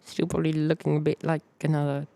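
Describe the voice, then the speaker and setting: A man's voice: fairly high pitch, monotone, fast, creaky, mellow, no echo. A man with an Australian accent hosting a live plane-spotting stream, rambling loosely and greeting viewers by name.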